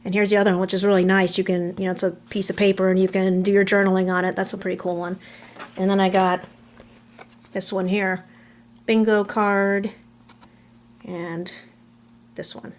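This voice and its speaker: A middle-aged woman chatting casually through a scrapbook album, relaxed, trailing off between items, recorded on a camera mic at home. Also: mid-range voice, moderate pace, pauses often, slight background noise. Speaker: crafter showing a scrapbook album. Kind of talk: casual show-and-tell narration.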